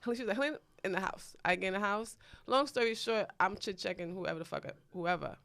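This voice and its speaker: A woman's voice: medium pitch, brisk, fairly bright tone. A woman, casually telling a profane story on a podcast in a brash, blunt way. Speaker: podcast host. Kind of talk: casual chat.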